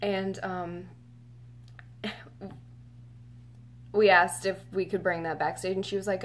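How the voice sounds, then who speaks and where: A woman's voice: medium pitch, little pitch movement, takes it slowly, long pauses. Teary young woman telling her story. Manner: emotional, rambling, many fillers. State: close to tears. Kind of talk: casual personal storytelling.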